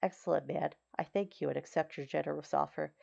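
A woman's voice: sits low, fairly even intonation, fairly quick, creaky, a little mellow, exaggerated voice. A woman reading the lines of a lonely male creature built by man, in an earnest, formal and imploring manner. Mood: pleading. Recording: slightly dull recording.

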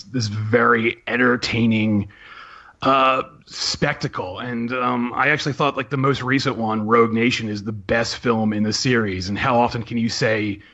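A man's voice: mid-range voice, bright, forceful tone, lo-fi sound. A man on a podcast panel talking about films in casual chat, hesitant with many fillers and restarts. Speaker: podcast panelist, film writer.

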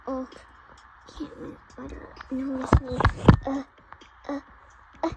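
A woman's voice: sits high, level tone, slow pace, gravelly, pauses often, over loud music, poor audio. A woman chatting casually while role-playing a game, full of "like" and "oh my goodness" fillers. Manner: chatty, heavy use of "like" and "oh my goodness". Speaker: gamer narrating role-play. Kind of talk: casual gameplay role-play chat.

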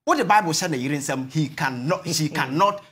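A man's voice: fairly high pitch, animated, normal speed, fairly bright tone. A Ghanaian man giving heated political commentary on a talk show, emphatic and repeating his points, mixing in Twi phrases.

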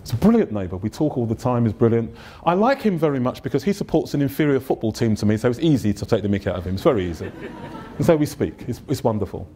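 A man's voice: mid-range voice, big pitch swings, fast, warm tone, a little hiss or hum. A man with an English accent, a pastor preaching a humorous storytelling sermon in a church. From England. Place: church sanctuary.

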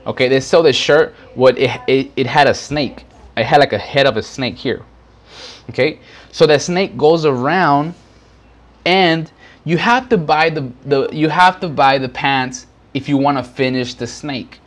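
A man's voice: medium pitch, a little slow. A man from Houston, Texas, explaining business basics to his viewers in a loose, rambling way, full of fillers and restarts, often calling them guys. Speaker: business vlogger. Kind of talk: casual teaching monologue. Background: background noise.

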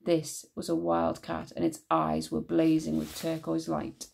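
A woman teacher reading a children's novel aloud in a measured, expressive way. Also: sits low, gravelly, slight background noise.

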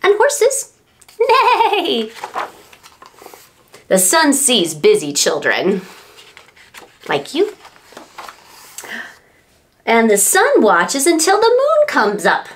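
Animated librarian woman reading to toddlers. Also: on the high side, slow pace, pauses often, slight background noise. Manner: animated, sing-song, playful with children. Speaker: children's librarian. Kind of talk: story time reading for babies and toddlers.

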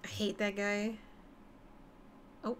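A woman's voice: medium pitch, little pitch movement, slow, slight background noise. A woman, chatting and joking as she streams a video game. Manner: joking, chatty, reacting aloud. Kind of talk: casual gaming commentary.

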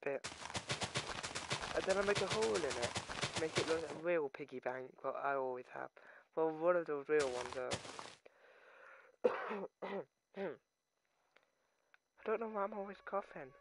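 Hosting his own gaming channel, a man chats into his microphone as he plays, rambling off topic in casual commentary while game music plays behind him. His voice is a little high and expressive, a bit slow, with frequent pauses. There's background noise.

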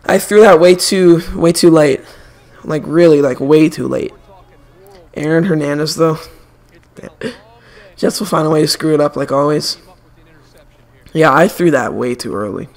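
A young man streaming a video game, chatting casually and giving opinionated sports takes. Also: on the high side. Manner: opinionated, animated sports banter. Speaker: gaming streamer. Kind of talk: casual chat while playing a video game.

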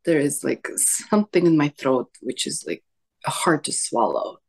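A woman talks through a painful memory in a coaching session, hesitant and searching for words. She speaks slowly in a fairly low voice. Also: very animated, gravelly, breathy edge. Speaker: session client. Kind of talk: emotional personal sharing.

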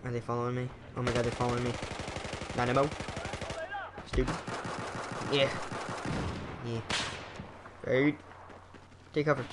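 A man's voice: mid-range voice, little pitch movement, measured pace, pauses often. A young man giving goofy, casual commentary over his own gameplay, talking to himself and humming sound effects. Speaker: gaming channel host. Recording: noisy game sounds behind voice. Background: gunfire and explosions from the game.

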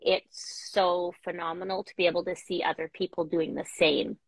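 A woman's voice: lowish voice, steady tone, normal speed, creaky, dry recording, rough recording. Encouraging woman host, dry sound. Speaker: podcast host. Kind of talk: casual video-call interview.

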